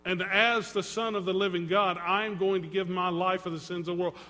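A man preaching a sermon as pastor, dramatic, swinging between loud and hushed and acting out quotes. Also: high-pitched, steady tone, brisk. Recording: long reverb in a hall.

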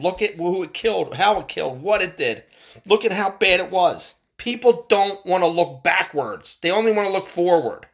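A man's voice: high voice, a bit bright. A man delivering a heated monologue to his viewers, swearing often, repeating himself and stumbling over restarts. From United States. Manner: fired up, swearing, repeating phrases. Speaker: vlogger.

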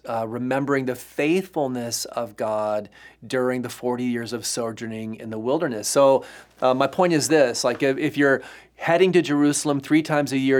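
A male pastor giving an earnest, emphatic sermon teaching, with frequent fillers and restarts. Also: mid-range voice.

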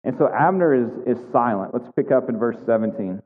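A man's voice: mid-range voice, animated, a little fast, hardly any pauses. A man preaching a sermon in a conversational way, often repeating words and asking "right?" as he explains scripture. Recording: tinny phone-like sound in a long echoing hall.

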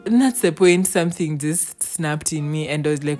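A woman's voice: low voice, normal speed, faint music behind. A young woman, telling a story in casual chat and acting out the quotes in it. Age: young adult. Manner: animated, acts out quotes.

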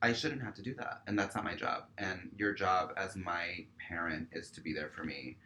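A man's voice: low-pitched, moderate pace. A man chatting as a guest, telling a story in a loose, profane way full of "like". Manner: profane, peppered with "like"; animated storyteller acting out dialogue. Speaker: guest, stage performer. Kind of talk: casual podcast chat, storytelling.

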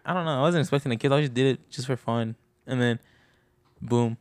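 A man's voice: medium pitch, a little fast, dry recording. Rambling, giggly teen guy. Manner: rambling storyteller, filler-heavy and giggly. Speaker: podcast co-host. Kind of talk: casual chat.

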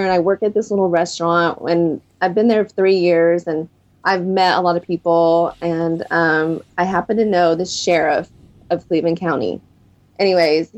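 A woman's voice: fairly low pitch, darkish tone. A woman in her thirties, a guest in an interview, candidly telling her own story of recovery. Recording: dull lo-fi recording.

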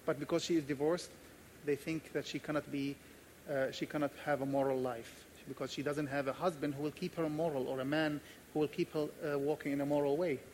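A man's voice: fairly high pitch, steady tone, a little fast, darkish tone, a little hiss or hum. A man pastor preaching a sermon, earnest and emphatic, repeating key phrases and telling personal stories.

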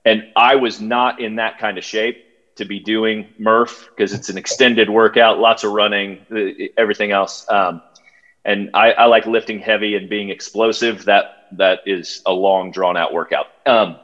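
A man, a podcast guest telling a story in a halting way, full of fillers and restarts. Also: lowish voice, a bit bright. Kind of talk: casual storytelling. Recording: dull lo-fi sound.

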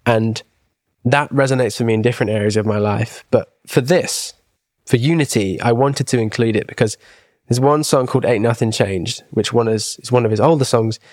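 A man's voice: medium pitch, normal speed, darkish tone, no room sound, clean studio sound. A man, co-hosting a podcast in casual chat, rambling enthusiastically with many asides and restarts. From England. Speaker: podcast co-host.

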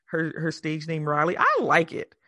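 A woman co-hosting a podcast, chatting casually and telling stories in an animated, profane way, acting out the quotes. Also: sits low, moderate pace, no room sound, clean studio sound. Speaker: podcast co-host. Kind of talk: casual chat.

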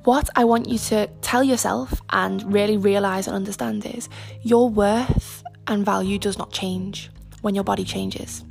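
Chatty young woman with a creaky voice. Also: medium pitch, fairly even intonation, unhurried, a little mellow, soft background music. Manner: chatty, rambling, frank, with frequent fillers and asides. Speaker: podcast host. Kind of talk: casual chat.

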